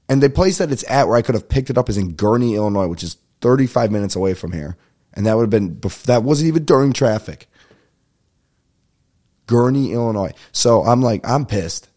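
A man's voice: medium pitch, expressive, a little fast, mellow. A young adult man casually telling a comic story on a podcast, ranting with lots of swearing and acting out the people he argued with. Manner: profane, ranting, acts out phone calls. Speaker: podcast host.

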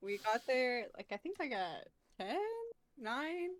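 A woman's voice: on the high side, very animated, slow pace. A young woman guest on a casual podcast, recounting events in a chatty, filler-heavy way with laughs in between.

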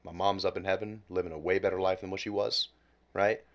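Deep-voiced man telling a raw story. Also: little pitch movement, brisk, dull audio. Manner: emotional, heavy swearing, drops to near whisper at low points. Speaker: podcast guest. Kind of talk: candid conversational storytelling.

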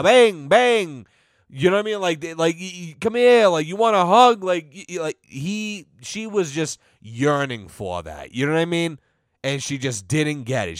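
A man hosting a comedy podcast, ranting casually and profanely, filling every pause with "you know" and acting out quoted people. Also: clear, resonant tone, no room sound. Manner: acts out quoted voices with big pitch swings. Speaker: podcast host.

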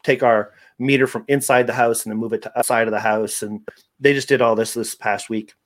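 A man with a Southern US accent co-hosts a casual podcast. His voice sits in a middle pitch, and he tells stories in a joking, easygoing way. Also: steady tone, brisk. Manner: jokey, laughs while telling stories. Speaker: podcast co-host. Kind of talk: casual chat.

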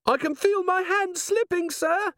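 A high, squeaky young dwarf woman, as a male narrator puts her on, nervous and endlessly polite in an audiobook reading. Her voice leaps about, and the room is dry and close. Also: very animated, unhurried, fairly bright tone, no room sound, exaggerated voice. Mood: frightened. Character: young female dwarf corporal, timid and polite.

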